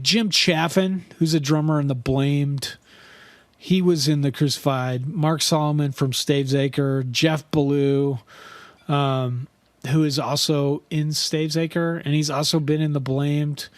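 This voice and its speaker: Male podcast co-host, loose and rambling, casual swearer, a touch high-pitched, dry recording. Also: no echo. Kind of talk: casual chat.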